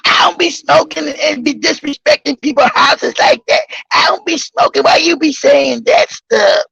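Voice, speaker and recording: A man's voice: extremely high pitch, very animated, moderate pace, gravelly, pushed and bright, no room sound, heavily acted. A man mimicking a rambling, evasive young woman who repeats herself in a whiny, mumbling way. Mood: defensive. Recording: dull lo-fi recording.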